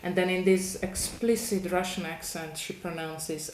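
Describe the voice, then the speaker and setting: A woman interviewing an artist, asking long, thoughtful questions with small pauses and restarts. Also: on the low side, flat delivery, roomy sound, a little hiss or hum. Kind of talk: conversational interview.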